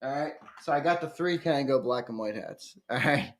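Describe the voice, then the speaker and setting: A man hosting a casual live-stream sports fan show, chatting with viewers and breaking into loud, excited hollers. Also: medium pitch, normal speed.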